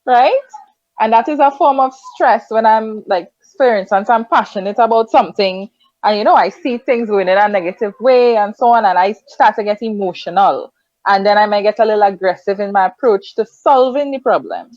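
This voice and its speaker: A woman's voice: mid-range voice, a little fast, a little mellow, no room sound. A woman who is a mother, speaking as a guest in a casual discussion, open and reflective about herself. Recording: dry, dull lo-fi sound.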